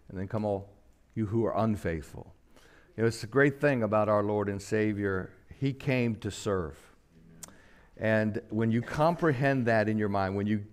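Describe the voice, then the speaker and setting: Older pastor telling a story. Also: male voice, darkish tone, clean tone. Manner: storytelling, acts out quotes with sudden pitch jumps, slows for solemn lines. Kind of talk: sermon.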